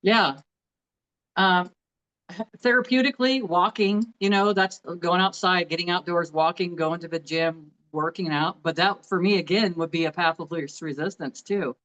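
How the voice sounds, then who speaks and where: A woman's voice: on the low side, steady tone, moderate pace, fairly bright tone, rough recording. A middle-aged woman co-hosting a casual chat about grief, speaking earnestly and sharing heartfelt advice. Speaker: podcast co-host.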